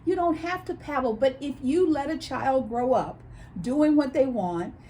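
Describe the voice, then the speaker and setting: A woman's voice: high voice, measured pace, a little hiss or hum. A woman co-hosting a casual chat show, telling stories and acting out quoted voices as she talks. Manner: animated storyteller, acts out quoted voices. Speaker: co-host.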